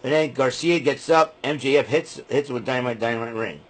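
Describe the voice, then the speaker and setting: A man's voice: mid-range voice, brisk, slightly rough. A man giving a rambling, casual spoken recap of a wrestling show, often breaking into name-calling rants.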